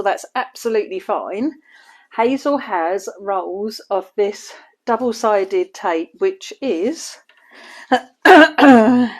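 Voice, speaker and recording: A woman's voice: medium pitch, darkish tone. Woman, craft-demo host: chatty, laughing, a bit breathless. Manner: chatty, apologetic, laughs often. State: out of breath after sneezing. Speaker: craft demonstrator hosting a live stream. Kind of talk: casual live-stream chat and demo.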